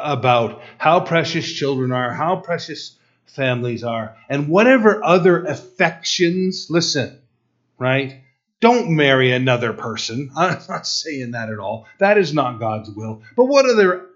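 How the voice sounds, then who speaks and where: A middle-aged male preacher tells a story in his sermon, speaking in quick bursts with stammered restarts. His voice sits at an everyday middle pitch. The recording sounds dull and lo-fi.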